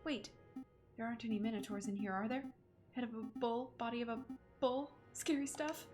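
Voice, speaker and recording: A woman's voice: a little high, fairly even intonation, brisk, a little mellow, soft background music, natural voice. A woman reading the lines of a nervous, rambling male sidekick bird from a game on a livestream. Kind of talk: game dialogue read on stream.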